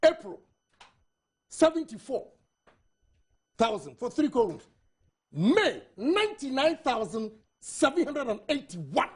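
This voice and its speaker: Impassioned husky Ghanaian man. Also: very high-pitched, big pitch swings, slow, pauses often. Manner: impassioned, argumentative, rhetorical questions. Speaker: studio panelist. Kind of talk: TV newspaper review commentary. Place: TV studio.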